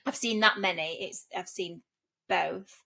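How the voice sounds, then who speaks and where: A woman's voice: fairly low pitch, measured pace, vocal fry, sharp tone. A woman co-hosting a casual podcast, a chatty storyteller who acts out the people she describes. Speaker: podcast co-host. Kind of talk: casual chat.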